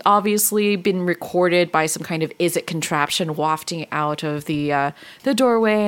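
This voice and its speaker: A woman narrating a tabletop role-playing game as dungeon master, in a relaxed, chatty way. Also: lowish voice.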